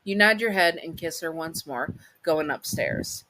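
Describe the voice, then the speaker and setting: A woman's voice: deep voice, measured pace, sharp tone, no echo, poor audio. A woman hosting her own channel, narrating a story and then rambling chattily through her outro with many asides.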